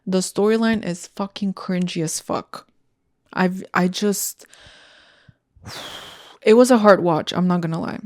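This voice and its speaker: A woman's voice: fairly low pitch, slow, pauses often, darkish tone. A young woman hosting a solo podcast, ranting in a blunt, heated and profane way. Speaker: podcast host. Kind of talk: casual solo podcast rant.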